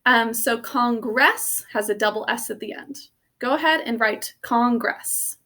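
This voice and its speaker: A woman teaching a spelling lesson, sounding out words letter by letter in a slow, patient way. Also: fairly high pitch, sharp tone.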